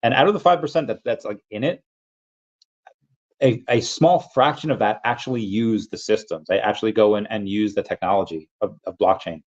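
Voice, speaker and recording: A man's voice: on the low side, fairly quick, darkish tone, lo-fi sound. A man hosting a casual livestream, rambling through his points and reading out viewer comments. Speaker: livestream host.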